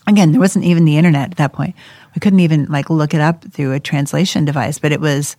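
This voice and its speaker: A middle-aged woman with a low voice tells a family story in casual chat. She is animated, acts out what people said, and laughs often. The sound is dry and close. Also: quick pace, no echo. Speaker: adoptive mother guest.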